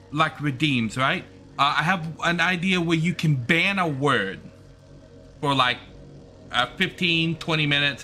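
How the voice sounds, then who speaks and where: Male game streamer, bright voice, a bit high, loose rambling chat. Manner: rambling, many fillers and restarts. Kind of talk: casual chat while gaming.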